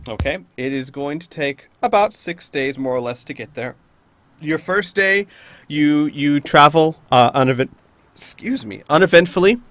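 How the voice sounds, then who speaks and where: A man's voice: on the high side, expressive, normal speed, fairly bright tone. A man narrating as game master of a tabletop game, talking casually with frequent hesitations. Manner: casual, hesitant with many fillers.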